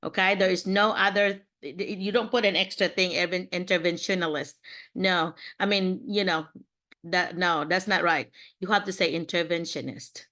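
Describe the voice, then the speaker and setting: A woman's voice: lowish voice, steady tone, normal speed, bright, forceful tone. A woman from the Philippines, mentoring teachers on a video call and checking in often with "okay?" and "you know".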